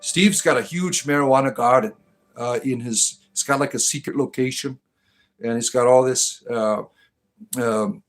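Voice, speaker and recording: A middle-aged man chatting casually on a livestream, talking to viewers in a rambling, halting way with frequent fillers and restarts. His voice sits at a medium pitch for a man. Faint music plays underneath. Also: rough recording. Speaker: livestream host.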